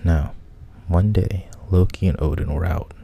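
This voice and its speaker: A man hosting a sleep show, telling a bedtime story in a soft, half-whispered, meandering way. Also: low-pitched, creaky, husky, lo-fi sound. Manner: meandering and unhurried, with casual restarts.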